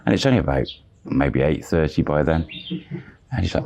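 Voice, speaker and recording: A man's voice: a bass voice, expressive, moderate pace, gravelly, a little mellow, slight background noise. A man casually telling a long story, rambling and repeating "he says" and "she says". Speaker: channel storyteller.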